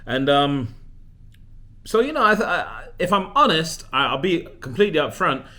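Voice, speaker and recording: A man's voice: on the high side, sing-song, normal speed, sharp tone. A man in his forties, a leadership coach, talking casually in a personal vlog, chatty and self-deprecating, often restarting his sentences. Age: 40s.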